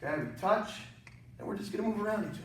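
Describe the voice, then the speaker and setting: High-voiced, joking martial arts instructor. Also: male voice, rapid-fire. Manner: energetic, joking, encouraging coaching. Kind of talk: online workout class instruction. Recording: echoey room, mic at a distance, faint noise.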